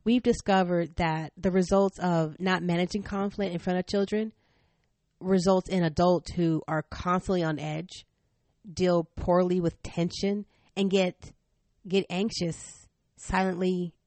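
A middle-aged woman hosting a parenting podcast, telling a family story in a frank, animated way, laughing often. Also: lowish voice, measured pace, dry recording. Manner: stern, frank. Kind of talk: personal storytelling.

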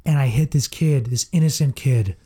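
A young man co-hosting a podcast, telling a school story in an animated, laughing way. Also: medium pitch, fairly quick, slightly rough. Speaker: podcast co-host. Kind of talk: casual storytelling chat.

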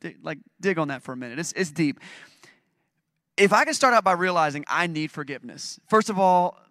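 Male pastor, fairly high voice, casual but emphatic preaching, dry close sound. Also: expressive, fairly quick, bright, forceful tone, dry recording. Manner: conversational, emphatic preaching with dramatic readings. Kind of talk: sermon.

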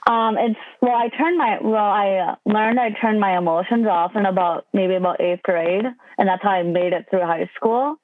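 A woman's voice: normal speed, few pauses, no echo. A young woman, a podcast guest, telling her story in casual chat, laughing often and acting out what people said. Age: young adult. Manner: chatty, quotes herself in higher voice, laughs often. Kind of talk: casual interview. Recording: tinny phone line.

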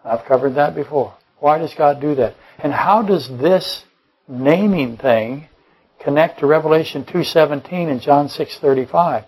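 Rambling preacher man, somewhat high voice. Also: unhurried, a little mellow, slightly rough, low-quality recording. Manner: rambling, self-correcting, rhetorical questions and joking asides. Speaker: pastor. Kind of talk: sermon, verse-by-verse Bible study.

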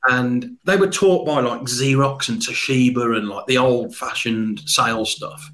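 A man's voice: mid-range voice, unhurried, a bit bright. A man with a Birmingham accent, talking as a sales trainer guest in an upbeat, talkative podcast interview.

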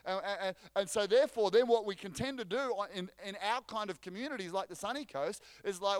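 A man delivers a lively sermon in a high, clear, resonant voice. He jokes with the congregation and restarts phrases as he goes. The sound is close and dry. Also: fairly quick, few pauses, no echo. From Australia. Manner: energetic, joking, frequent restarts. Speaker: pastor.

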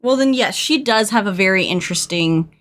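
A young woman co-hosting a casual movie podcast, animated and chatty, with lots of fillers and restarts. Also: medium pitch, a little fast. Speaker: podcast co-host.

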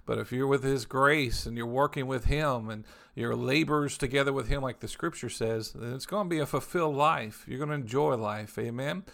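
A man preaching a sermon as pastor, filling pauses with "amen" and "praise the Lord", slowing down to read scripture aloud. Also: medium pitch, gravelly, a bit bright. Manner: repeats "amen" and "praise the Lord" between sentences, reads scripture slowly.

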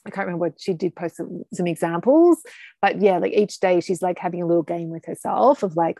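A woman's voice: fairly low pitch, normal speed, creaky, warm tone, no room sound. Cheerful woman hosting a group video call. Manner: enthusiastic, encouraging, many exclamations.

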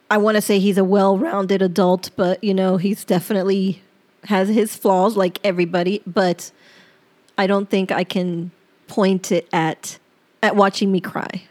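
A middle-aged woman hosting a personal podcast, reading her own journal aloud. She talks in an open, reflective, halting way and gets choked up near tears. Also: mid-range voice, a little mellow. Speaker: podcast host.

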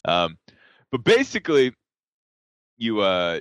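A man co-hosting a podcast, telling a story in a laughing, animated way. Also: sits low, normal speed, pauses often, no room sound. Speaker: podcast co-host. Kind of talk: casual storytelling chat. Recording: dull, dry lo-fi audio.

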